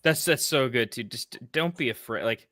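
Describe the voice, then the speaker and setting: A man in casual podcast chat about fantasy football, rambling and excitable, with frequent restarts and casual swearing. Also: mid-range voice, normal speed, no echo, studio quality.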